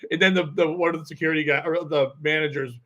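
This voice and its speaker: A man's voice: a little high, steady tone, fast, a bit bright, muffled recording. A man hosting a podcast, telling a rambling story in casual chat, full of fillers and laughs. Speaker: podcast host and comedian.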